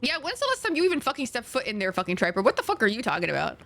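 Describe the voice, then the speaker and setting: A woman's voice: fairly high pitch, wildly swooping pitch, rapid-fire, vocal fry, a bit bright. A young woman streaming a game, chatting casually with a friend, joking crudely and swearing freely. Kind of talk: casual gameplay chat with a co-op partner.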